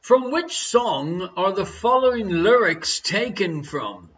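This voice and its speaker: Male quiz host, high-voiced, unhurried, jokey with a chuckle; slightly muffled audio. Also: animated, a bit bright. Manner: jokey, chuckles between questions. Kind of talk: live-streamed quiz chat.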